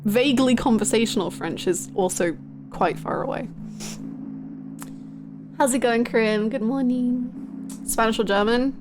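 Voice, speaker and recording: A young woman with an Australian accent chats casually with her live-stream audience. She is bubbly and giggly, with a slightly high voice. Faint music plays behind her. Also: unhurried, pauses often. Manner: bubbly, chatty, laughs and gasps often. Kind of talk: casual live-stream chat, greeting viewers.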